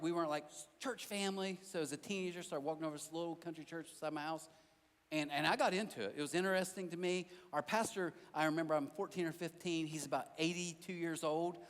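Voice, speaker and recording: The pastor's voice sits on the high side and moves fast, trailing long reverb through the sanctuary. Preaching to his congregation, he spins conversational stories and drives each point with repetition.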